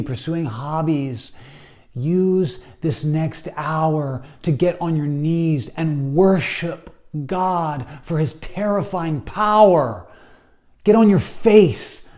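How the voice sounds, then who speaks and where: A man gives a Bible lesson at an unhurried pace. His voice is dark and mellow, and he exhorts his listeners with urgency, now and then slipping into the imagined thoughts of ordinary people. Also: fairly high pitch. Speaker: Bible study teacher.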